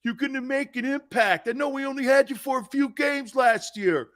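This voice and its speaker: A man's voice: very high voice, normal speed, a bit bright, pitched above the performer's own voice. A man impersonating a football coach who pretends to be a cheerful local caller, chummy and laughing.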